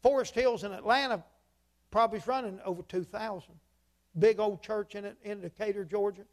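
A male preacher with a drawl and a high voice for a man. He spins homespun stories in a folksy way and keeps circling back with "he said". He drives each story toward a pointed, emphatic lesson. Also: steady tone, normal speed. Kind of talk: sermon storytelling.

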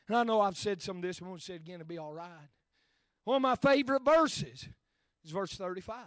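A preacher with a very high-pitched voice, recorded close and dry with almost no room sound. He delivers his sermon in rhythmic bursts, filling the gaps with "uh" and dropping from shouts to near-whispers. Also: dry recording.

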